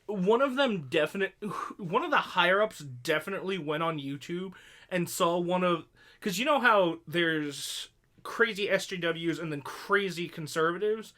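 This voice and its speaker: Young man, podcast co-host, rambling, sarcastic, swears a lot, slightly high voice. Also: animated, moderate pace, bright, forceful tone. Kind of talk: casual chat.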